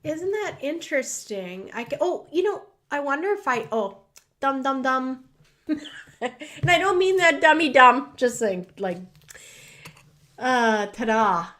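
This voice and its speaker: Slow, high-voiced emotional woman host. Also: very animated, a bit bright. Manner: emotional, rambling, many restarts. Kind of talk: casual livestream talk. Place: home studio.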